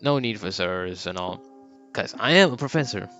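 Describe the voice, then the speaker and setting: A man's voice: low voice, normal speed, bright, forceful tone, muffled recording, faint music behind. A man voicing a jolly, chuckling small old male professor who cracks corny jokes. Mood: jovial.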